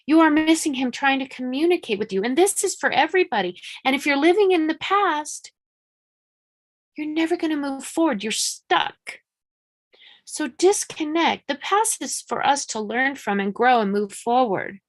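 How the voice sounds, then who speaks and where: A woman with a high-pitched, animated voice speaks at a moderate pace during a live-streamed psychic reading. As a medium she talks frankly and chattily, swears casually, and repeats points with urgent emphasis.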